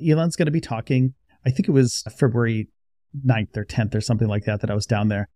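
A man's voice: medium pitch, fairly quick, warm tone, no room sound, studio quality. A man telling a rambling, casual story to his viewers, full of restarts and asides. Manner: rambling, conversational, many restarts. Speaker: YouTuber. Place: outdoors by a roadside.

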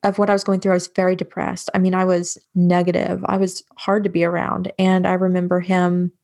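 A woman's voice: on the low side, completely flat delivery, fairly quick, creaky, a little mellow. A woman guest on an interview podcast, telling a hard personal story in a frank, matter-of-fact way with frequent fillers. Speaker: guest, bereavement doula.

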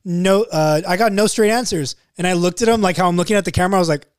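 Young man, podcast co-host, deadpan joke setups, slightly high pitch, dry mic. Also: quick pace, clear, resonant tone, no echo. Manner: deadpan setup, casual swearing. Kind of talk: casual joke-telling chat.

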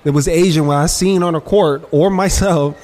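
A man's voice: fairly high pitch, fairly even intonation, moderate pace, a little mellow. A man hosting a podcast, telling personal stories in a candid, rambling way with frequent restarts. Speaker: podcast host. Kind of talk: casual chat.

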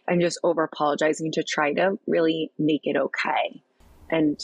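A woman coach talks as a podcast guest in a deep voice with a husky, gravelly edge. She is earnest and affirming and uses many filler likes. The sound is dry and close. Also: little pitch movement, moderate pace, no echo, rough recording. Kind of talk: casual podcast conversation.

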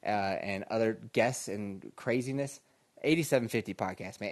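A man's voice: on the low side, normal speed. A podcast host, a man, telling a casual, laid-back story, laughing often and calling listeners "man".

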